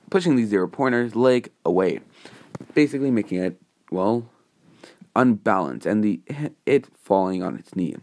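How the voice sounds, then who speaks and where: A man's voice: lowish voice, animated, a little slow, pauses often, a little mellow. A man narrating a fan-made story in a casual, improvised way, rambling with fillers and self-corrections.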